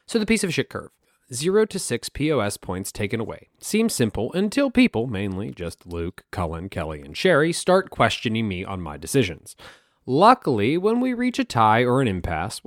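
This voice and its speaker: A man with a medium-pitched voice hosts a solo history podcast, delivering a monologue that is wry, self-mocking, and full of casual swearing. The recording is dry and of studio quality.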